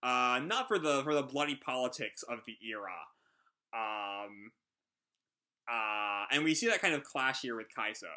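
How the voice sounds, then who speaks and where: A man's voice: medium pitch, lively intonation, unhurried, sharp tone. A man hosting a live manga reading reaction, talking casually and hesitantly as he thinks aloud.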